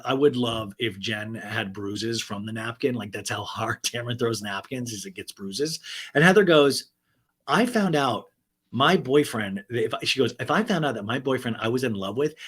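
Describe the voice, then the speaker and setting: A man hosting a podcast, recapping a reality show in a snarky, profane, casual style and putting on mocking high voices for quotes. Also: fairly bright tone. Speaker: podcast host.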